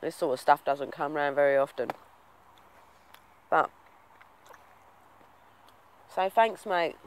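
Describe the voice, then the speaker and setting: A man's voice: fairly high pitch, slow, long pauses, clear, resonant tone, rough recording. A man talking casually to the camera in a vlog, rambling and waffling with lots of fillers in a reflective, earnest way. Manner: rambling, self-confessed waffler, many fillers. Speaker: vlogger.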